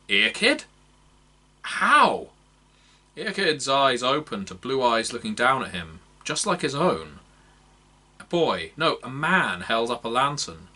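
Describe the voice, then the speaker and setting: A man narrating a fantasy novel aloud in a measured, expressive reading. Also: medium pitch. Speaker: audiobook narrator. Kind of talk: scripted narration.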